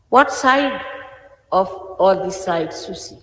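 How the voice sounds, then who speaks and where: A woman's voice: mid-range voice, expressive, takes it slowly, fairly bright tone. A woman, a spiritual teacher, gives an informal, emphatic sermon, admonishing her followers. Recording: echoey hall with faint hiss.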